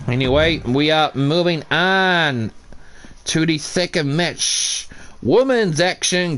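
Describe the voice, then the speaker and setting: A man giving casual play-by-play commentary on a wrestling video game, shouting at big moves and swearing now and then. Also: fairly high pitch, a little hiss or hum. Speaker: YouTube gaming commentator.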